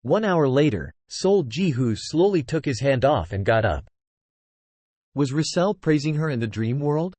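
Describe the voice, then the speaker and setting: A man's voice: medium pitch, lively intonation, unhurried, darkish tone, no echo. Synthetic male novel narrator. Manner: reads punctuation marks aloud. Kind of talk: text-to-speech novel narration.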